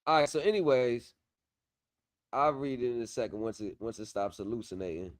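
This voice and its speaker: A man's voice: mid-range voice, fairly quick. Confident man hosting a casual livestream. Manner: confident, repetitive, drifts off while working the screen. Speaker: livestream host on pro se legal help.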